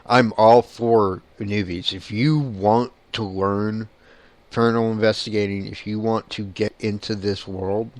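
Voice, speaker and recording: A man's voice: fairly low pitch, steady tone, measured pace, darkish tone. A man who is a paranormal investigator, talking bluntly in a casual monologue and swearing casually.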